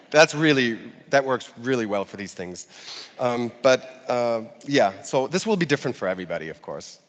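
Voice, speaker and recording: A man's voice: mid-range voice, sing-song, normal speed, big-room sound. A man giving a conversational talk to an audience, with fillers and light laughter. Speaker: speaker giving a talk on language learning.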